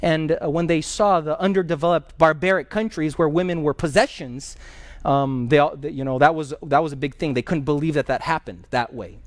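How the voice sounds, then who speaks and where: Here a pastor runs a Bible class, taking questions and telling spirited stories, repeating important phrases and sometimes stopping mid-thought to find a word. He's a man with a fairly high pitch and a brisk delivery, captured in a dry recording.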